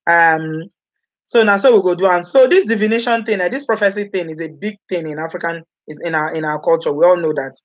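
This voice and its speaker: A woman's voice: lowish voice, brisk, lo-fi sound. Chatty Nigerian woman hosting a live vlog. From Edo State, Nigeria. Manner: chatty, mixes in Nigerian Pidgin, greets viewers by name. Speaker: vlogger host.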